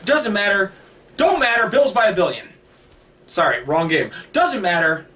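A man co-hosting a casual sports picks chat over an online call, quick with jokes and banter. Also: high-pitched, big pitch swings, sharp tone. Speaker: co-host making picks. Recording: distant mic with faint noise.

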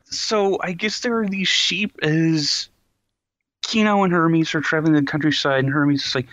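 A man co-hosting a podcast in casual chat, ranting in an animated, exasperated way with sighs. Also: a little high, normal speed, no room sound. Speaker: podcast co-host.

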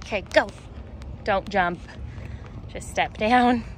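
A woman's voice: mid-range voice, slow, a little hiss or hum, low-quality recording. A woman vlogging casually about her day, a mom rambling through stories with lots of "like" and "freaking". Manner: rambling, breathless storytelling with "like" and "freaking". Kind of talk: casual chatty vlog. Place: home, car and store.

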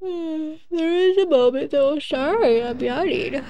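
A woman's voice: high-pitched, takes it slowly, mellow, a little hiss or hum. A young woman streaming a horror game, chatting casually, laughing often and talking back to the game. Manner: chatty, giggly, talks to the game. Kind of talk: casual gameplay commentary.

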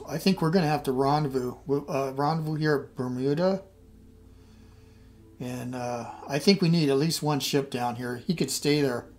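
A man's voice: medium pitch, slight background noise. A middle-aged man thinking aloud as he plays a strategy game, muttering and trailing off. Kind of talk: casual game commentary.

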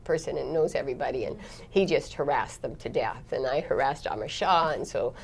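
A middle-aged foreign correspondent recounts her career in a chatty, reflective interview, laughing often and restarting her sentences. Her bass voice has lively intonation at a normal speed, over a slight hiss or hum.

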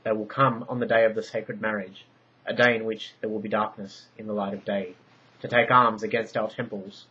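Man playing grave old-world oracle woman, slow solemn prophecy talk, deep, muffled recording. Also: flat delivery, pushed and bright, breathy edge. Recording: dull lo-fi recording.

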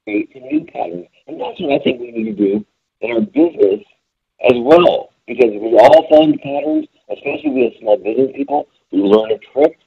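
A man talks through a small business webinar like a storyteller, his pitch swinging widely and his low voice gravelly and husky. He fills his speech with casual fillers. The audio sounds dull and lo-fi. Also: moderate pace. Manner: lively storyteller, frequent fillers. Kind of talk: conversational webinar talk.

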